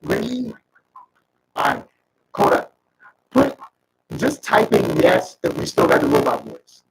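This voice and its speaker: A man chatting casually as a guest, his voice pushed through a robot filter. He talks in slang and tells stories with quoted asides, a gravelly low tone wobbling wildly in pitch. He sits far from the mic with clear noise behind. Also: huge pitch swings, takes it slowly. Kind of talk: casual livestream chat.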